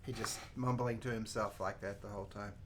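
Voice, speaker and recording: A man playing a tabletop game, talking haltingly with many fillers. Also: lowish voice, fairly even intonation, noisy background. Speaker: player.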